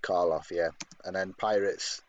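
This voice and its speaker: Low British man, digressive co-host on a dull, lo-fi mic. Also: fairly even intonation, unhurried, slight background noise. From Britain. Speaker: podcast co-host. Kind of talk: casual podcast chat.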